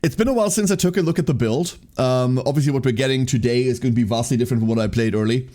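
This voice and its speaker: A man's voice: medium pitch, rapid-fire, warm tone. A man streaming live, chatting casually with his chat, rambling and often breaking into laughter.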